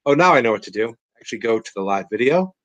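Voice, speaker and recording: A man's voice: mid-range voice, expressive, quick pace, fairly bright tone, no room sound, lo-fi sound. A man hosting a live podcast stream from home, rambling casually and joking about being a bit tipsy. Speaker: podcast host. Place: at home with family.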